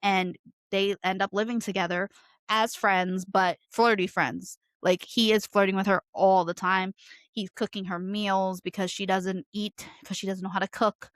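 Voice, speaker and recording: A young woman chats through a book review, swearing often and ranting with animated energy. Her voice sits at a middling pitch, and the recording is dry and close, with no room sound. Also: normal speed, no echo. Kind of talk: casual book review chat.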